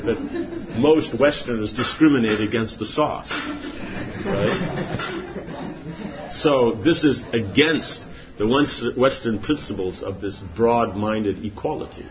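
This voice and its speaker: A man's voice: mid-range voice, lo-fi sound, noisy background. A man giving an informal spiritual class, rambling with many rhetorical questions and asides. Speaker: spiritual teacher.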